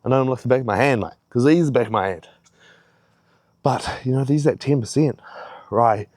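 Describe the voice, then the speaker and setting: A man's voice: mid-range voice, fairly quick, a little mellow, no room sound, clean studio sound. A young man giving a rambling, heavily profane pep talk in a casual vlog, a little out of breath. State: slightly out of breath. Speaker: fitness vlogger.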